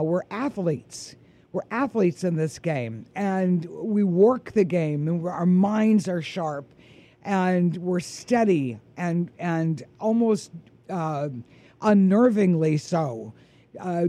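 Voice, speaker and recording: A woman's voice: lowish voice, dark tone. A woman hosting a golf radio show, chatting casually with many fillers and hesitations. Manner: hesitant, filler-heavy, enthusiastic. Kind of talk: casual interview chat.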